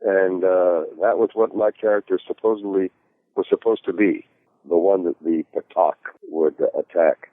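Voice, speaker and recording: A man's voice: low voice, steady tone, normal speed, no room sound. A man, an actor being interviewed, telling a story in a rambling, casual way with plenty of fillers and restarts. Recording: tinny phone-like call audio.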